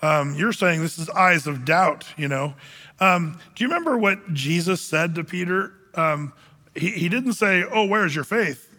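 A man preaching to a room of men, animated and acting out the voices of the people he quotes. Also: on the high side, unhurried. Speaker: men's group speaker. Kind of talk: sermon. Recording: reverberant hall.

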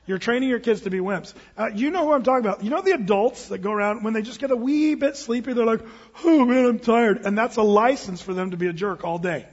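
A man's voice: high voice, quick pace, few pauses, breathy edge, big-room sound. Guy pastor preaching, casual and punchy, dull muffled recording. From United States. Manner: conversational, emphatic, with quoted asides. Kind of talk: sermon. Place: church sanctuary.

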